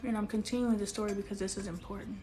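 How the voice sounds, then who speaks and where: A woman's voice: mid-range voice, fairly even intonation, quick pace, mellow, a little hiss or hum. Candid woman host on a phone live stream. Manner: emotional, confiding, talks straight to viewers; reads and answers viewer comments aloud.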